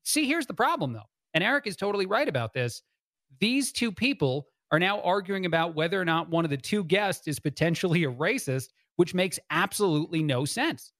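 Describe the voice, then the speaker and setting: A man's voice: sits high, expressive, a little fast, fairly bright tone, no room sound, clean studio sound. A man filling in as a radio host, giving rambling talk-radio commentary with many fillers and restarts. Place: radio studio.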